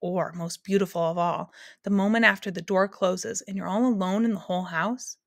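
A woman voicing the Soundkeeper, a lonely, chatty woman who keeps all sounds and speaks gently and gushingly. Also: medium pitch, steady tone, normal speed, creaky, dry recording, studio quality, lightly acted. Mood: dreamy.

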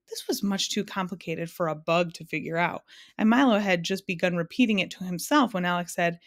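A woman reading a children's book aloud with lively, expressive narration. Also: fairly low pitch, a little fast. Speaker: storyteller.

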